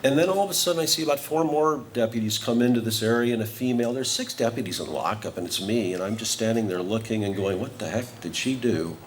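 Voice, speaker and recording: A medium-pitched man delivers an award acceptance speech fast, hardly pausing, over a little hiss or hum. He times a funny story carefully for laughs.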